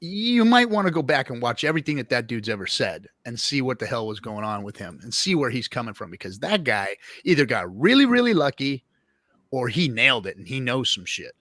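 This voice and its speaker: A man's voice: mid-range voice, big pitch swings, a little fast, fairly bright tone, no echo, clean studio sound. A man guest telling his story in a casual, rambling and profane way, full of fillers and restarts.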